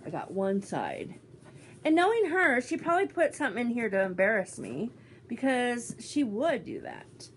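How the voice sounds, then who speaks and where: A woman's voice: medium pitch, huge pitch swings, normal speed, noisy background. A woman vlogging casually as she unboxes a gift swap, bubbly and teasing as she exclaims over each item. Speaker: beauty vlogger.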